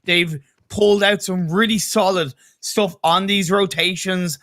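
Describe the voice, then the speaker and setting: An Irish man co-casting a live esports match, with a high, bright and sharp voice. He talks in a chatty, laid-back way and mixes analysis with advice to the players. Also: steady tone, unhurried. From Ireland. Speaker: esports co-caster. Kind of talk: live color commentary.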